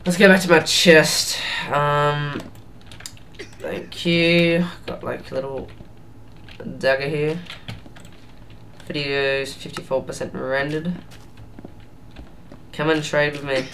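A man's voice: on the high side, steady tone, bright, forceful tone, a little hiss or hum. A young man giving casual, rambling commentary while playing a video game. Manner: rambling, unhurried, thinking aloud. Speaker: let's play gamer.

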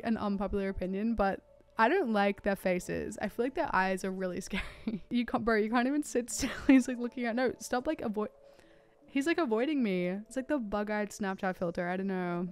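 Aussie girl gushing over a game she's playing, smooth clear voice, faint music behind. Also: medium pitch. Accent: Australian. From Australia. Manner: excitable, gushing, lots of "oh my god" and "like". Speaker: gaming YouTuber. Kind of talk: casual gameplay commentary.

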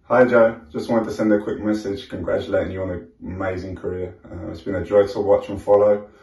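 A man's voice: lowish voice, flat delivery, a little fast, darkish tone, muffled recording. A man sending a sincere, casual video message of congratulations. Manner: sincere, with small restarts. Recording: echoey room, mic at a distance.

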